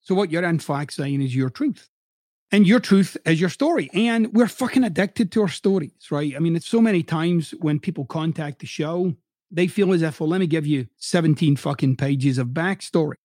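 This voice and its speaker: A man's voice: a little high, lively intonation, moderate pace, darkish tone, no echo, studio quality. A middle-aged man who hosts a podcast and used to coach, giving a blunt, profane motivational monologue with heavy emphasis. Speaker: podcast host, former coach.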